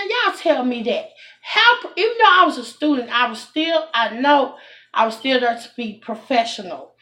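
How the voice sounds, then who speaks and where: A woman telling a storytime to her viewers, animated and indignant, calling them y'all. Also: sits high. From Texas. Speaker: vlogger. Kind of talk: casual storytime talk to camera.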